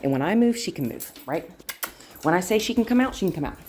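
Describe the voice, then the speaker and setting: A woman dog trainer explaining her steps to viewers while working a dog indoors, breaking into high praise. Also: sing-song, quick pace, darkish tone, slight background noise. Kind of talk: instructional dog training demo.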